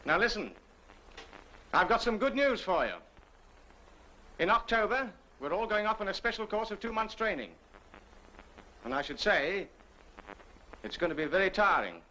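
An actor playing a dutiful middle-aged army sergeant with an English accent, talking in clipped, respectful lines in a 1940s film. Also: male voice, high-pitched, sing-song, moderate pace, pauses often, pushed and bright, full character voice, rough recording. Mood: brisk.

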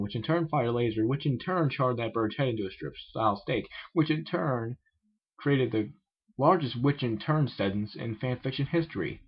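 A man's voice: medium pitch, husky. A man reading amateur fanfiction aloud with sarcastic asides. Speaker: fanfiction reader. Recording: muffled amateur home recording.

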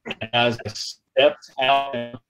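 A man on a video call telling a halting, rambling anecdote about a museum ship, with many restarts. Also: medium pitch, level tone, fairly bright tone, soft background music, rough recording. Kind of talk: livestream storytelling. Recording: video call audio, feed breaking up.

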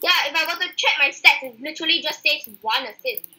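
A woman's voice: sits high, fairly quick, sharp tone, poor audio. A woman gamer chatting casually while playing, complaining about teammates in a mock-formal way. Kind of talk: casual gaming chat.

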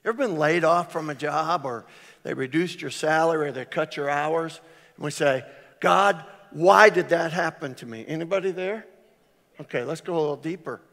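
A man pastor preaching a storytelling sermon, his voice swinging loud on exclamations. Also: on the high side, a little fast. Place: large church hall. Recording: reverberant church hall.

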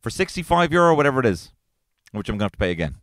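A man's voice: medium pitch, very animated, racing, fairly bright tone, no echo. A man with an Irish accent hosting a solo comedy podcast from inside his car, ranting in an exasperated, profane way. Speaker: podcast host.

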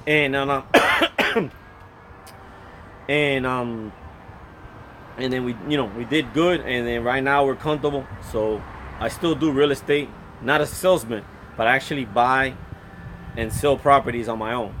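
A man's voice: mid-range voice, a little slow, pauses often, fairly bright tone, a little hiss or hum. A middle-aged man hosting a casual live stream from his phone, rambling and reading out viewer comments. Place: Florida.

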